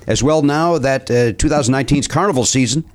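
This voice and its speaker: A podcast co-host reading a fan's letter aloud in a put-on Cajun accent, halting now and then. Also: male voice, mid-range voice, noisy background, lightly acted.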